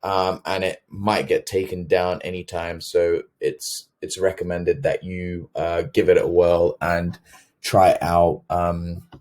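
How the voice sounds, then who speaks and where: Male host, deep voice, earnest sales pitch, lots of fillers. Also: level tone, slow pace, darkish tone. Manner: earnest, filler-heavy, self-correcting. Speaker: webinar host.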